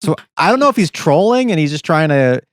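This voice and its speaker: A man co-hosting a podcast in casual chat, with low-key, wry asides. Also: very animated, a little fast, dry recording, clean studio sound. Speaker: podcast co-host.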